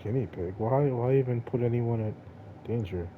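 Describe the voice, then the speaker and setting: A man's voice: medium pitch, normal speed, phone-quality sound, a crowd in the background. A man narrating as game master of a tabletop game, laughing now and then as he describes the action. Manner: laughs while narrating, relaxed.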